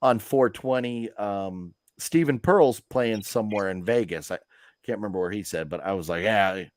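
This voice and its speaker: Chatting casually on a live movie news stream, a man tells meandering stories loaded with fillers. His voice sits lowish and moves at normal speed, recorded dry with clean studio quality.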